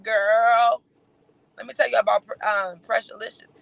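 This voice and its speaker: High, gravelly-voiced sassy man. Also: flat delivery, a bit bright, no echo, rough recording. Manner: sassy, campy, teasing; drawn-out exclamations and laughter. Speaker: livestreamer. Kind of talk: livestream gossip commentary.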